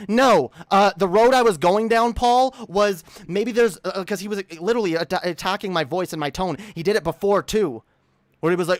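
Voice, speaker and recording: A commentary streamer, a woman, delivers a heated, indignant rant, stammering, repeating words, and swearing. Her voice is on the low side at normal speed, recorded with clean studio sound and no echo.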